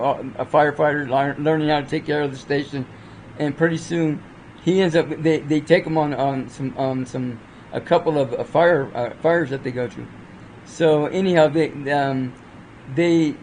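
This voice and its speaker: A man's voice: fairly high pitch, a little mellow, a little hiss or hum, rough recording. A man giving a rambling, casual movie review, full of fillers and restarts, acting out lines of dialogue as he retells the plot. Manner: rambling, lots of fillers and restarts, acts out quotes.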